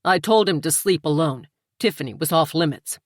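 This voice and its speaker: An earnest young groom, voiced by a woman narrator, plain and low. The audiobook recording is dry and close. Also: expressive, normal speed, no echo.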